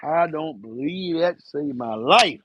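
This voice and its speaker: A man's voice: on the high side, expressive, slow pace, husky, dry recording, lo-fi sound. A man around fifty, chatting loosely on a live stream and rambling in slang. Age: 50s. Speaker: live-stream host, enclosure builder. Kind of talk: casual live-stream chat.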